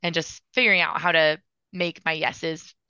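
A woman's voice: low-pitched, fairly even intonation, moderate pace, bright, forceful tone, clear, resonant tone, no room sound, lo-fi sound. A woman music therapist answering interview questions, telling stories in an earnest, enthusiastic way.

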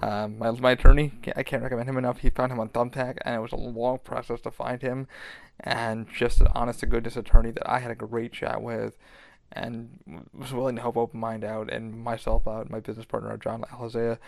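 Gravelly-voiced man hosting a chatty podcast. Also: mid-range voice, level tone, brisk, no room sound. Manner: loose and chatty, swears freely, many fillers and restarts. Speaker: podcast host. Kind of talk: casual rambling podcast chat.

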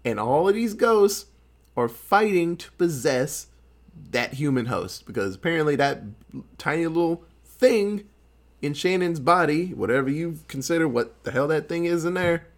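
A man casually recapping a horror film as a podcast host, animated and profane, often laughing. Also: on the high side, normal speed.

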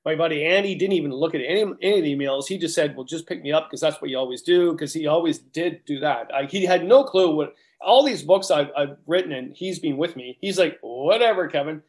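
A man's voice: a little high, a little fast, few pauses. Hyper rambling man in his 50s. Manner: hyper, rambling, animated, many restarts. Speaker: guest, outdoors guidebook author. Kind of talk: casual interview chat.

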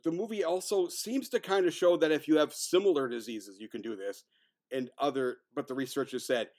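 Man, film podcast co-host, casual chat, blunt, swears freely, slightly high voice. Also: fairly quick. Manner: blunt, profane, loud bursts of mock outrage.

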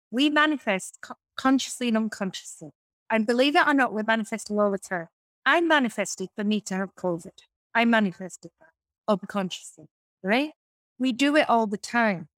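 High-voiced woman coaching emphatically. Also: no room sound, rough recording. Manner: emphatic, repeats key phrases. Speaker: guest coach. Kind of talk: podcast interview answer.

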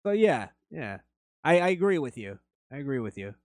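Very animated at a moderate pace, a man with a slightly mellow, medium-pitched voice hosts a podcast in studio quality without room sound. He reads chat comments and rambles through anecdotes, blunt, casual, and freely profane.

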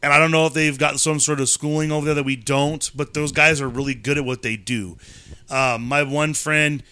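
A man in his thirties from California, co-hosting a casual chat and telling rambling stories with animated asides. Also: a little high, moderate pace, clear, resonant tone. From California, USA. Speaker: podcast co-host.

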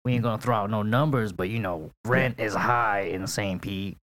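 A man's voice: lowish voice, moderate pace, fairly bright tone, no room sound. Laid-back swearing podcast guy. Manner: laid-back, swears a lot, laughs often. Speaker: podcast co-host. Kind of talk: casual podcast chat. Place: apartment in St. Petersburg, Florida.

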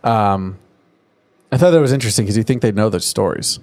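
A man's voice: lowish voice, very fast. A man co-hosting a casual podcast, recapping a cartoon episode and jumping into playful voices. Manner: lively, jumps into playful character voices. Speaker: podcast co-host.

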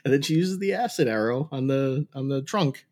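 A man's voice: mid-range voice, expressive, a little fast, darkish tone. A man co-hosting a podcast, chatting casually and enthusiastically about a show, laughing often. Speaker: podcast co-host. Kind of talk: casual recap chat.

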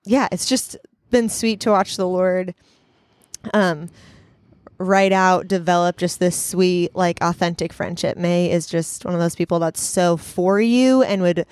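A woman's voice: lowish voice, steady tone, a little slow, darkish tone, clear, resonant tone, no echo. A young woman hosting a casual faith chat, telling earnest, rambling stories. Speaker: podcast host.

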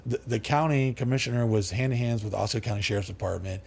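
A middle-aged man appears as a podcast guest, telling stories loosely and profanely in a casual interview and acting out the dialogue people said. He's animated and fast-talking, with a mid-range, gravelly, husky voice.

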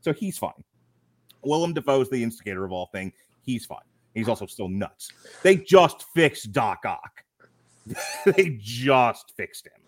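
A man's voice: medium pitch, big pitch swings, unhurried, dry recording. A man co-hosting a casual film review podcast, talking animatedly, often laughing and acting out quotes. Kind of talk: casual chat.

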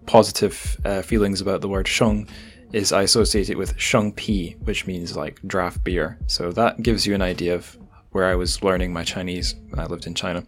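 A man's voice: low voice, steady tone, moderate pace, faint music behind. A man with a Scottish accent hosting a podcast, talking casually and poking fun at himself. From Scotland. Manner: chatty, self-deprecating, with frequent restarts and asides. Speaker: podcast host.

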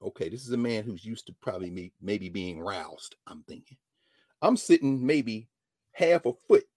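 Husky man telling a dramatic story. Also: animated, normal speed, no room sound, studio quality. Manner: dramatic, acts out dialogue, swings from low mutters to loud exclamations. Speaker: professor hosting a class-style show. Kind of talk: animated storytelling lecture.

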